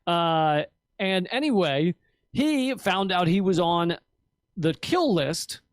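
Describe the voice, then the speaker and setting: A fairly high-voiced man talks politics in a loose, rambling, animated way, cursing as he goes. The sound is dry and close, with no room echo around him. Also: slow. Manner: rambling, animated, swears, mimics officials in a high voice. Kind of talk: casual political talk.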